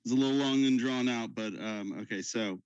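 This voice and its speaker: A man in his thirties tells a long-winded dad joke with easy, unhurried timing. His voice sits in a middle register. It comes through a muffled, lo-fi mic in a dead, dry room. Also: medium pitch, clean tone, no room sound. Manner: jokey storyteller, full of dad jokes. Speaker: guest artist. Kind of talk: casual chat on a video call.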